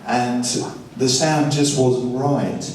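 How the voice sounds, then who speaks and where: A man's voice: mid-range voice, fairly even intonation, slow, a little mellow, slight background noise. A man who is a record producer, telling studio stories in a dry anecdotal way and acting out what people said. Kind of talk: studio walkthrough talk. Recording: distant roomy mic with music.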